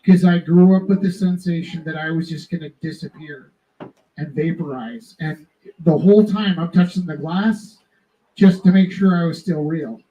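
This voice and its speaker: A man hosting a live art auction, telling rambling personal stories to the audience in an animated, self-interrupting way. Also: a little high, normal speed, rough recording. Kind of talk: casual storytelling to a live audience.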